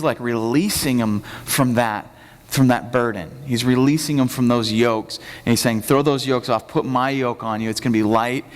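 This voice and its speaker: A man preaching a conversational sermon as the pastor of a church, telling the story casually and acting out the quotes. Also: medium pitch. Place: church sanctuary. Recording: reverberant church hall.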